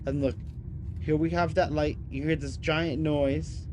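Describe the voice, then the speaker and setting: A man hosting a compilation, giving excited casual commentary over video clips and calling the viewers "y'all". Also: fairly high pitch, measured pace, background noise. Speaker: compilation host.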